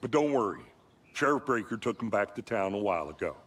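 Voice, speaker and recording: A man's voice: lowish voice, very animated, fast talker, a bit bright, breathy edge, full character voice. An actor playing a nervous small-town male deputy in a game, awkward and stammering.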